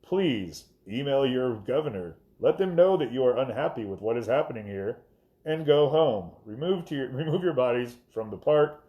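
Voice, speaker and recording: A man mimicking an overpolite police loudspeaker. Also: medium pitch, lo-fi sound, natural voice. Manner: exaggeratedly courteous, formal. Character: overly polite police loudspeaker announcer, male, courteous.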